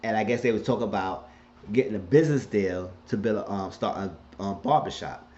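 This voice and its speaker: Low-voiced man rambling through a recap. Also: a little fast, darkish tone. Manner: rambling, colloquial, retelling scenes. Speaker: TV show recapper. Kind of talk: casual episode recap. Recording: dull lo-fi recording.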